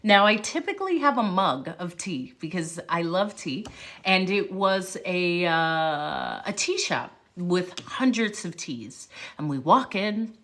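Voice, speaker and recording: A woman livestream host recounts a story with bright, ringing energy. Her pitch leaps around expressively while her delivery stays slow and unhurried, with frequent asides to her viewers. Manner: animated, jumps around, greets viewers. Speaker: motivational speaker, livestream host.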